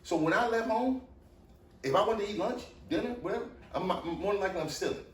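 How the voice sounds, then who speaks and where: A man's voice: sits high, fast. A middle-aged man telling stories in casual podcast chat, blunt and profane. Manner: blunt, profane storyteller, animated. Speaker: guest, father of the host. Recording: roomy echo, distant mic, faint noise.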